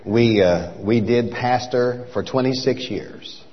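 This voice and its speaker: An older man with an Oklahoma accent preaches in a folksy, repetitive way. His voice sits at an ordinary pitch. The sound is dull and lo-fi, and it rings with the long reverb of a church hall. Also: slow pace. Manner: folksy, repeats words, builds to emphatic rhythmic points. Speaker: traveling minister. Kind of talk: sermon.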